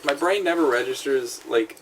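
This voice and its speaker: A man's voice: medium pitch, normal speed, noisy background. A man co-hosting a podcast, chatting casually and rambling with friends at the mic. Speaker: podcast co-host. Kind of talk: casual chat.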